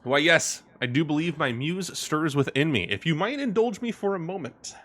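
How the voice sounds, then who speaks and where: A man reading the lines of a gentle, courtly male minstrel from a game, in an ornate, storytelling way. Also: on the high side, expressive, normal speed. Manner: reads ornate in-game dialogue aloud.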